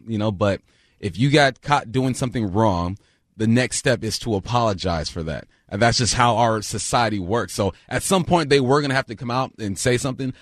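A man's voice: mid-range voice, no room sound, clean studio sound. A male co-host giving blunt takes in casual sports talk, leaning on stock phrases. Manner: blunt, repeats himself.

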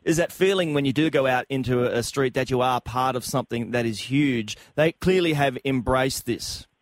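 A man's voice: mid-range voice, moderate pace, no echo, clean studio sound. A man hosting a rugby podcast, teasing his co-hosts in an easygoing way. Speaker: podcast host. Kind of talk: casual podcast banter.

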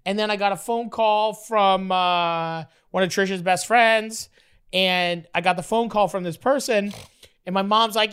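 Speaking with a high voice and clean tone at a moderate pace, a man from Canada rambles through casual stories as a podcast guest. His telling is animated, and he performs the voices of people in them.

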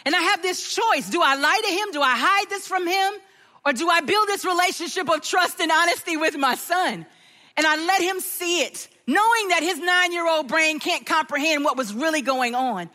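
A middle-aged woman preaching a sermon with a personal story, telling it in an animated way and acting out the voices of the people in it. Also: very high voice, moderate pace. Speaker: pastor.

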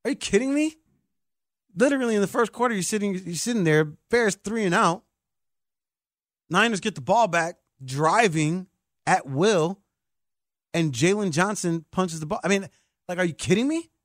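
Hyped, animated sports talk host. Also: male voice, high-pitched, moderate pace, pauses often, no room sound, studio quality. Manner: excitable, emphatic, hyped fan.

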